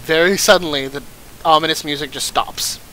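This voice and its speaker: Bright-voiced joking game commentator man. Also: on the high side, steady tone, moderate pace, slight background noise, low-quality recording. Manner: joking, swears. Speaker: let's-play host.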